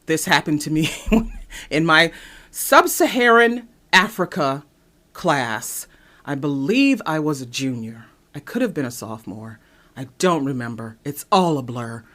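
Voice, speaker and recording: A young woman from East Cleveland, Ohio, USA hosts a podcast, delivering a personal commentary monologue. She tells her stories in an animated, emphatic way, a little slowly, with sharp jumps in pitch when she stresses a point.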